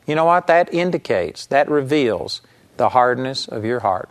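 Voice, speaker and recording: A middle-aged man preaching, telling a story from his ministry and acting out what he and others said. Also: normal speed. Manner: animated, quotes himself with rising pitch. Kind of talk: sermon storytelling.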